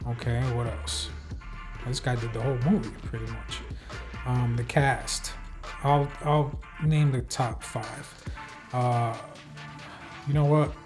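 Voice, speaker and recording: Music plays behind a man hosting a podcast as he recaps a film in a loose, jokey, rambling way, swearing freely and filling gaps with ums. His mid-range voice is steady, his pace slow, and his pauses long.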